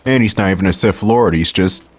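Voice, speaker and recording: A let's-play host from the Philadelphia area, with a Philadelphia accent, gives casual, wry gameplay commentary, joking to himself and swearing now and then. His voice sits low and he talks fairly quickly. Faint game music plays under his voice.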